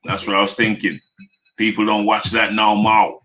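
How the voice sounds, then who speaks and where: A British man from the United Kingdom hosts a live boxing talk stream in a lowish, pushed, bright voice with flat delivery at normal speed, over soft background music. In loose, repetitive chat he jokes with and teases his viewers, laughs often and repeats phrases.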